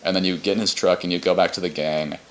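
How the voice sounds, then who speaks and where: Very deep-voiced young man rambling casually. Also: fairly even intonation, fast. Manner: rambling, frequent restarts, loose profanity. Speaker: podcast co-host. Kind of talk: casual chat recapping a game.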